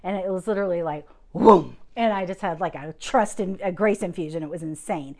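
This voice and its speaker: Her voice on the low side and her pace quick, a middle-aged woman holds a microphone and recounts her testimony as a guest speaker. She laughs, mimics the voices of those in her story with energy, and afterward leads a prayer.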